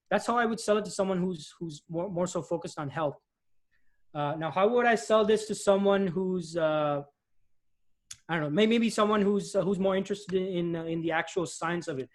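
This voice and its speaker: Man, high voice, animated presenter, career advice talk, restarts phrases. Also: a little fast. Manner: animated, repetitive restarts, acts out customers' lines. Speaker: guest speaker, IT recruiter. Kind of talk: presenting tips in a webinar talk.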